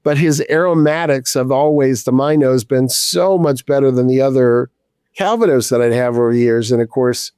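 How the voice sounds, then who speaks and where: A man's voice: medium pitch, moderate pace, a little mellow, clean tone, no echo, clean studio sound. A man in his fifties, a distiller guest, telling a casual story with a rambling flow, many restarts and casual swearing.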